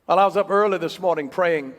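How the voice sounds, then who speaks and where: A man preaching a sermon, emphatic and repetitive, swinging from loud declarations to hushed words. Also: high voice, fast, long reverb tail.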